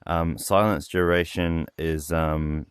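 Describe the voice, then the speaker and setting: A man developer explaining a voice API demo in a casual work meeting, hesitant with lots of pauses and fillers. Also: low-pitched, fairly even intonation, clean tone, no echo, clean studio sound.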